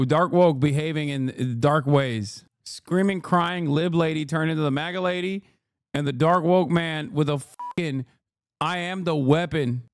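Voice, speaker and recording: A man's voice: a little high, clear, resonant tone, no room sound. Profane ranting male streamer. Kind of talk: live-stream reaction commentary.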